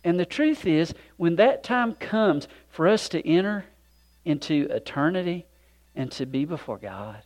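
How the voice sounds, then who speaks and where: A man preaching a sermon with folksy conversational asides, swinging from loud emphatic points to hushed, near-whispered moments. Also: a little high, animated, measured pace. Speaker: pastor.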